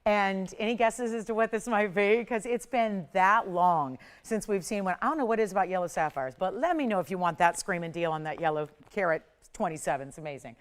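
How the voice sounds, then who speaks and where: A middle-aged woman hosting a live shopping channel, chatty and upbeat as she pushes deals and prices, her voice still recovering. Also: medium pitch. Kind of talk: live home shopping sales pitch. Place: TV studio.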